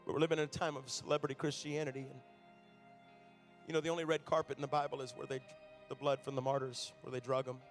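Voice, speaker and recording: A man preaching a sermon to a church crowd, telling stories and building up to shouted, fervent climaxes. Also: mid-range voice, little pitch movement, fast talker, soft background music. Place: church auditorium.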